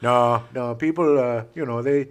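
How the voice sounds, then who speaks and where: A man's voice: medium pitch, moderate pace, clear, resonant tone. A middle-aged American man co-hosting a podcast in casual chat, joking and self-deprecating. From United States. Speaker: podcast co-host.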